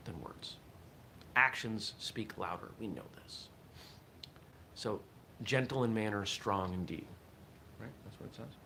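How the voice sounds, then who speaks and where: A man's voice: on the low side, a bit bright, a little hiss or hum. A man hosting a live morning show, talking in a reflective, think-aloud way. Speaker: host of a martial arts morning show. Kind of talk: casual morning livestream talk.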